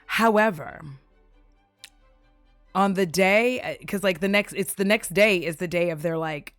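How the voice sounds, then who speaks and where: A woman's voice: mid-range voice, measured pace, no room sound. Woman, casual movie recap, swearing and giggling, dry close voice, faint music behind. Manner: profane, giggly, animated storytelling.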